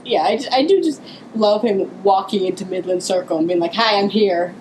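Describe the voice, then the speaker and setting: A woman's voice: mid-range voice, lively intonation, fairly quick, mellow, slight background noise, poor audio. A woman co-hosting a casual fan commentary, laughing often and restarting her sentences. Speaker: podcast co-host.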